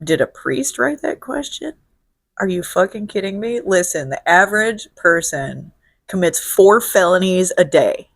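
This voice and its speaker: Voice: mid-range voice, very animated, unhurried, vocal fry, no echo, studio quality. Blunt, profane host from Illinois. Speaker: show host. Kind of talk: casual solo question-and-answer vlog.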